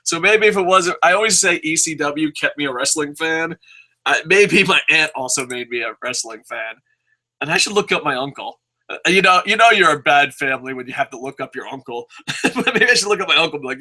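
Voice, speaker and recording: Bright-voiced profane storytelling man. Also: fairly high pitch, lively intonation, normal speed. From New Jersey. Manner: profane, laughs often while talking. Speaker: podcast host. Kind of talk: casual storytelling.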